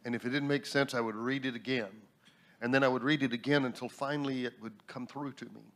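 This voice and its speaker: Guy telling a story in a panel chat, mid-pitched, jokes now and then. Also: steady tone, fast talker, fairly bright tone. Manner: storytelling, humorous asides. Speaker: New Thought minister and instructor. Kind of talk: casual panel talk.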